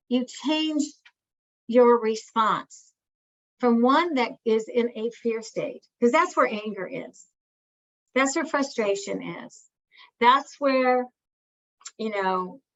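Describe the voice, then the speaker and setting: This family therapist, who comes from an Italian family, has a slightly high voice, and the recording's highs are cut off. In her educational talk she speaks with earnest intent, frequently repeating herself and starting over, and she acts out phrases a parent might use.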